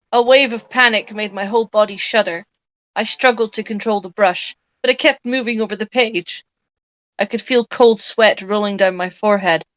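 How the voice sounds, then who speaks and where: A woman's voice: on the high side, a bit bright, no room sound. A woman reading a horror story aloud as co-reader, voicing the narrator's panic dramatically.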